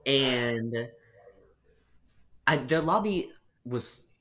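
A man co-hosting a casual podcast chat, telling a customer service story with animated, exasperated emphasis. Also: medium pitch, extremely slow. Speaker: podcast co-host.

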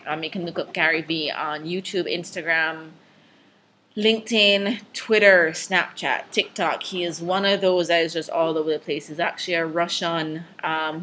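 A woman's voice: sits low, fairly bright tone, a little hiss or hum. A woman with a Jamaican accent hosting her own podcast in a casual solo monologue, nervous and rambling, laughing often between thoughts. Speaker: podcast host.

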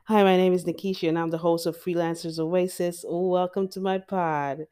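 A woman's voice: on the low side, steady tone, moderate pace, few pauses, mellow, smooth. A Jamaican woman hosting a motivational podcast, talking straight to her listeners in an emphatic, encouraging way. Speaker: podcast host.

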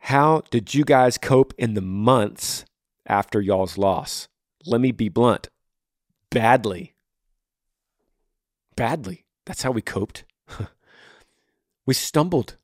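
A man's voice: mid-range voice, animated, takes it slowly, dry recording, studio quality. A podcast host in his thirties answering a listener's question on grief, blunt and earnest, speaking in repeated rhythmic phrases. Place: home room.

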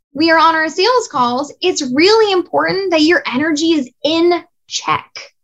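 A woman in her thirties coaching small business owners in a casual, lively way, blunt and swearing now and then. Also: sits high.

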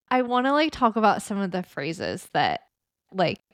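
A woman with a smooth, clear voice co-hosts a relaxed podcast chat. She keeps the talk going with friendly questions, trailing off with "like" and "um." Her voice sits close and dry on the mic. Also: medium pitch, measured pace, dry recording. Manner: friendly prompting, steering the talk with fillers. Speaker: podcast co-host. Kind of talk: casual chat.

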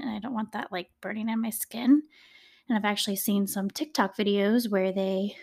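A woman's voice: mid-range voice, a little mellow. A woman hosting a true crime podcast, telling the case in a chatty, conversational way with dramatic emphasis. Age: adult, a parent. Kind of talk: casual true-crime storytelling.

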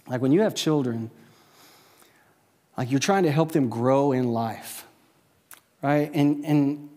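Pastor preaching in a reverberant hall. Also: male voice, on the high side, a little mellow. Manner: conversational, peppered with "right?" tag questions. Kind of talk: sermon. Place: church service with a live audience.

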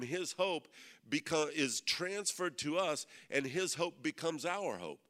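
Pastor preaching to men. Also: male voice, a little high, fairly bright tone. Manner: preaching with frequent "Amen?" call-outs to the audience; reads scripture aloud slowly and with emphasis. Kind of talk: sermon at a men's meeting.

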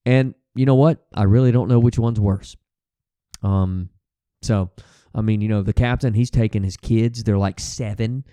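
Rambling, swearing podcast host, mellow voice. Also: male voice, fairly low pitch, fairly even intonation, moderate pace, clear, resonant tone, dry recording. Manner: rambling, profane, restarts and fillers. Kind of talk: casual monologue.

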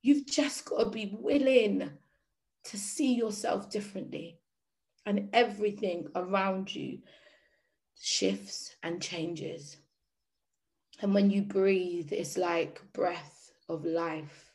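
A woman's voice: mid-range voice, slow, a little mellow. A woman giving an inspirational faith talk to a group, tearful, earnest and emotional, repeating phrases for emphasis. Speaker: spiritual speaker.

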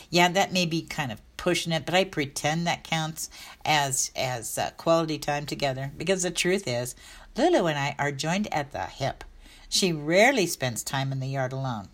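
A middle-aged woman, a dog health coach, talking in a chatty, upbeat, rambling way. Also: sits low. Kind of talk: casual vlog talk.

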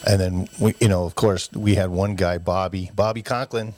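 Lower-pitched man telling childhood stories. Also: moderate pace, no room sound. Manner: animated storyteller who acts out parents' voices. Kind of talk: casual storytelling chat.

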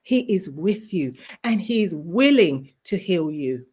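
A woman's voice: on the low side, very animated, a little slow, a little mellow, husky. A woman who is a guest author, sharing a fervent faith testimony in an interview. She speaks like a preacher and repeats key phrases for emphasis.

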